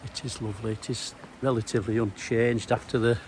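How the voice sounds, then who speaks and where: A middle-aged former police officer leads a casual walking tour outdoors in a small town, his mid-range, darkish voice brisk and flat, with a little hiss or hum on the recording. He meanders through anecdotes with dry humour.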